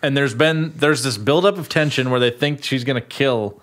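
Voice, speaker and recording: A young man chatting casually on a podcast, giving relaxed commentary full of fillers. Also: mid-range voice, normal speed.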